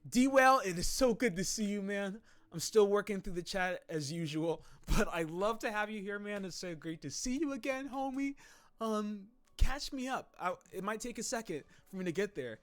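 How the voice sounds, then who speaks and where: A man hosting a livestream, chatting casually with viewers and reading their comments in laid-back slang. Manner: laid-back slangy talk, lively swings in pitch. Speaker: livestream host.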